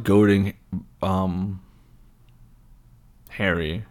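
A man's voice: deep voice, steady tone, slow pace, long pauses, a little mellow. A man casually retelling a film scene, rambling and incredulous, with lots of fillers.

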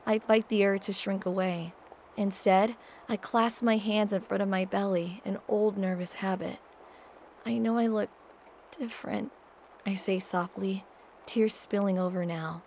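A woman narrating a first-person audio role-play in a soft, hushed, shaky and tearful way. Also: mid-range voice, level tone, normal speed, slight background noise. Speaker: storyteller.

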